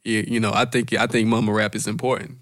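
A man's voice: lowish voice, flat delivery, quick pace, fairly bright tone, no echo, studio quality. Laid-back man talking slang. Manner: laid-back, slangy, laughs often, repeats his points. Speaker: guest, music journalist. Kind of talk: casual podcast chat.

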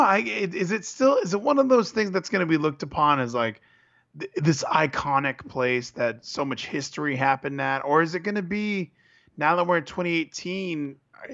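A man's voice: a little high, a bit bright. A man co-hosting a casual wrestling chat as an earnest fan, reeling off facts and correcting himself. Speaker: podcast co-host. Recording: dull lo-fi sound.

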